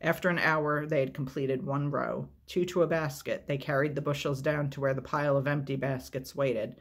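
A man reads a novel aloud as a storyteller, in a steady, measured, unhurried way. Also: mid-range voice, creaky.

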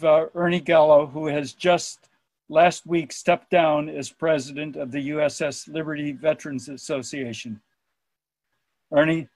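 Male moderator, gentle, hesitant, flat delivery, dry close sound. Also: a little high, no echo. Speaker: town hall moderator. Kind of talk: hosting a panel.

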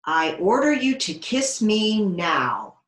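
A woman's voice: mid-range voice, very animated, slow pace, a bit bright. A woman voicing a bossy talking female princess frog in a storybook reading. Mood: impatient. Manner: bossy, commanding. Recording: echoey room.

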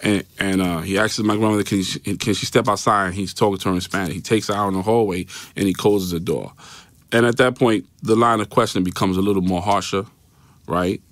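A man with a deep, slightly bright voice and fairly even intonation talks fairly quickly as a podcast interview guest, telling a personal story in his New York accent. He tells it in a loose, repetitive way, plays out the voices of people involved, and repeats "right?". His studio mic recording in a podcast studio has no echo.

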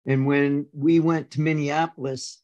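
Older man telling stories with animated energy. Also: a little high, measured pace, dry recording, highs cut off. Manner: animated, acts out quoted dialogue with stammered repeats. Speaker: guest. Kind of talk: casual storytelling.

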